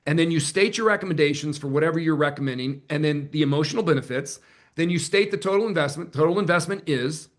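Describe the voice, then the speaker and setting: A man running a live online sales training, chatty and energetic, joking about himself as he coaches. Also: fairly high pitch, fast talker. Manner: energetic, chatty, self-deprecating. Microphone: computer mic on a video call.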